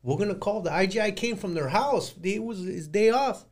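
Gravelly middle-aged man telling his story. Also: high voice, expressive, normal speed. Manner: plain-spoken, rambling, with frequent restarts and "like". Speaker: guest recounting prison life. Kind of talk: casual storytelling interview.

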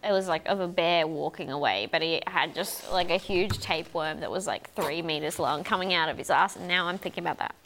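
A woman's voice: lowish voice, brisk, hardly any pauses, fairly bright tone, slight background noise, poor audio. A woman guesting on a casual studio panel chat, telling rambling stories peppered with "like" and joking with the others. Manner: chatty storyteller, joking, heavy use of "like".

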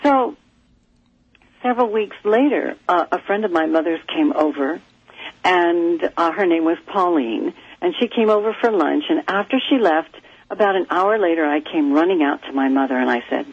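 Woman, from California, gravelly voice, lively storytelling, phone-line sound. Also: on the low side, normal speed, no room sound. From California, USA. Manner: animated, lively storyteller who acts out quoted voices. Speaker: psychic guest. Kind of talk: storytelling in a phone-in radio interview. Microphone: telephone.

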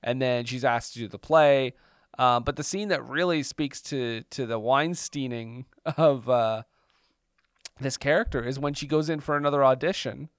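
Chatty man with a smooth voice. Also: medium pitch, moderate pace, no echo, studio quality. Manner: chatty, lots of fillers and restarts. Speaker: podcast co-host. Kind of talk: casual film discussion.

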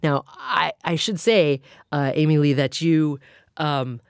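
A woman hosting a public radio interview show, talking in a measured, conversational way. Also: sits low, expressive, creaky, clear, resonant tone, no room sound, studio quality. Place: radio studio.

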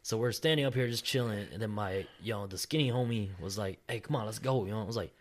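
A man's voice: fairly low pitch, fast. A young man tells a night-out story in a loose, rambling way. He laughs often and swears freely, with plenty of slang. It sounds like casual talk between friends. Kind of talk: casual chat.

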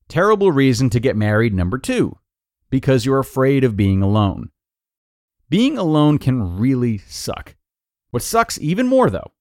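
A man hosting a podcast, reading a blog post aloud in a lively, expressive way. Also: medium pitch, no echo, clean studio sound. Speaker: podcast host and narrator.

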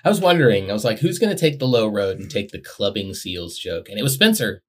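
A man co-hosting a podcast in casual chat, excitable and quick to laugh, swearing casually. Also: fairly low pitch. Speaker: podcast co-host.

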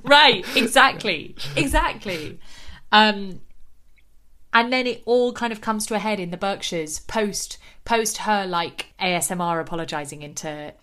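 A woman's voice: mid-range voice, measured pace, sharp tone. A woman co-hosting a podcast, chatting casually and recapping scenes with lots of "like". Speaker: podcast co-host. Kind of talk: casual chat.

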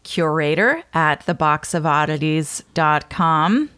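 Female podcast co-host, chatty mail reader, lower pitch, dry recording. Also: expressive, slow, fairly bright tone, clean tone, no room sound. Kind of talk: casual chat reading listener mail.

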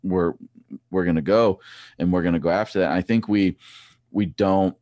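Deep-voiced man telling stories, dry sound. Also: normal speed, no echo. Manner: rambling, animated storytelling with repeated restarts. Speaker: podcast guest, former track cyclist. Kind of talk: casual chat.

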